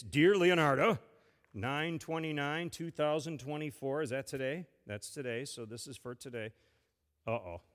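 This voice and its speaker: A man, a pastor giving a playful children's sermon and gently asking a child many questions. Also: medium pitch. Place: church sanctuary. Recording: long church reverb.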